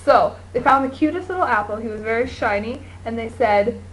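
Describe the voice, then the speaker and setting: A woman's voice: on the high side, brisk, a little hiss or hum, low-quality recording. A young woman co-hosting a homemade video, improvising a silly story in a rambling, giggly way. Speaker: video co-host.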